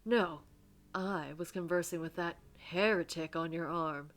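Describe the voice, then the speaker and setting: A woman's voice: on the low side, a little slow, lightly acted. A woman voicing a cruel male reverend with a put-on American Southern accent, sneering and barking insults.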